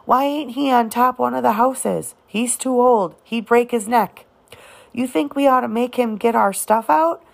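A woman's voice: fairly high pitch, unhurried, creaky, pitched above the performer's own voice. A woman voicing a curious, worried young girl in a storybook reading, raising her voice into a childlike Southern drawl.

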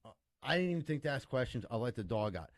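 A man tells a long, rambling, profane anecdote and slips into the voices of the people in it. His speech is steady in pitch, and the recording is dry and close, with no room sound behind him. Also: quick pace, no room sound. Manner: swearing, rambling, acts out voices in his story. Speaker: comedian. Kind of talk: casual podcast storytelling.

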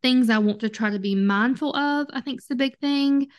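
A woman's voice: high voice, normal speed. A woman co-hosting a podcast in casual chat, easygoing and agreeable, laughing often. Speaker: podcast co-host.

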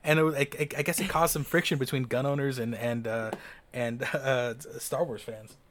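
A man's voice: medium pitch, steady tone, moderate pace, a bit bright, slight background noise. A man co-hosting a podcast, chatting casually and rambling with enthusiasm, swearing now and then. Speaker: podcast co-host. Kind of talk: casual chat.

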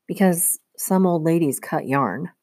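A woman's voice: low voice, a little slow, a little mellow, dry recording, studio quality. A woman voicing a bewildered twelve-year-old boy who fires off incredulous questions.

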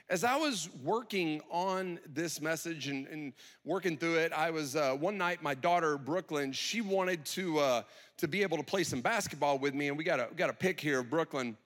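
Male pastor, middle-aged, lively conversational sermon with a bright, high, animated delivery. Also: moderate pace. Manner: conversational, animated storytelling with rhetorical questions.

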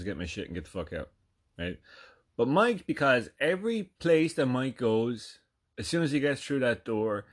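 A man hosting a podcast, telling a rambling comedic story full of swearing and fillers. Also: medium pitch. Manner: rambling, profane, lots of fillers. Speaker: podcast host.

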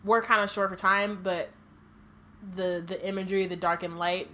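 A woman's voice: mid-range voice, flat delivery, normal speed, bright, forceful tone, slight background noise. A woman co-hosting a book podcast, reading passages aloud with frequent ums and easy laughter. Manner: reads aloud with many ums, laughs easily. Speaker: podcast co-host.

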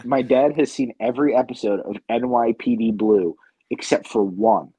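A young man chats on a podcast, spinning jokey bits. His voice has a husky, breathy grain at middle pitch. The sound is dry and close-miked. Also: moderate pace, dark tone, no room sound, low-quality recording. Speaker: podcast co-host. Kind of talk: casual chat.

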